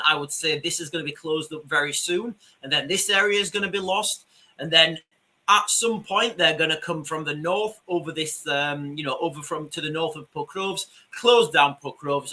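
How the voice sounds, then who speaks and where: Yorkshire man, online commentator, bright forceful tone, slightly raised pitch, emphatic and repetitive. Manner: emphatic, repeats himself, addresses viewers as ladies and gentlemen. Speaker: commentator on a video channel. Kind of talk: screen-share commentary.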